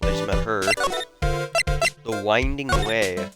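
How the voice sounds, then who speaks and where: A man's voice: fairly low pitch, slow pace. A man streaming himself, reading game dialogue aloud with casual, swearing asides. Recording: loud game music behind.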